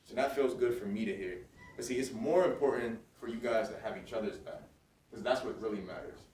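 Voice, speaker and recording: An energetic guest motivational speaker hypes up students in a large school hall with call-and-response during an assembly speech. He speaks briskly in a fairly low voice. Recorded from a distance, the audio is echoey with faint noise.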